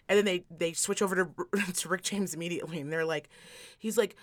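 Animated, profane woman podcast host. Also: fairly low pitch, quick pace. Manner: animated storytelling, emphatic repetition, profane. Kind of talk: casual chat.

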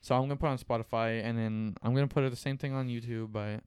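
Young dude rambling on his podcast, fast and smooth, kinda defensive. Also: medium pitch, steady tone, a little mellow. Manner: rambling, defensive, repeats himself. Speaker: podcast co-host. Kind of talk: casual chat.

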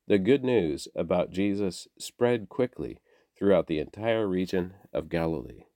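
A man reads scripture in a measured, deliberate way. His voice sits very low, with a dark, mellow tone. The sound is dry, with no room around it. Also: expressive, no echo. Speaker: scripture reader.

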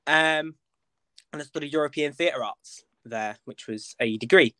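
A young man, chatting as a podcast guest in a flamboyant, expressive way. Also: on the high side, unhurried, no echo. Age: young adult. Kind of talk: casual interview chat.

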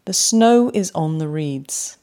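A woman hosting a poetry podcast, speaking with warm enthusiasm and slowing down to savour lines read aloud. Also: sits low. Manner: animated, slows right down to read poems aloud. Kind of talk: podcast commentary on haiku.

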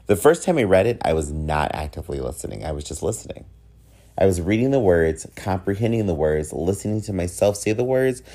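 A man's voice: low-pitched, warm tone. A young man hosting his own podcast alone, talking candidly and with camp sass. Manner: candid, sassy, campy. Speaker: podcast host. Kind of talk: casual solo podcast chat.

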